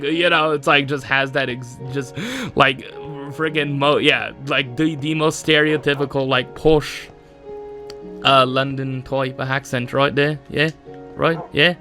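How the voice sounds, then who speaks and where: A man's voice: mid-range voice, steady tone, moderate pace, pushed and bright, soft background music. A young man hosting a solo podcast, rambling casually with lots of fillers and frequent laughs. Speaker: podcast host.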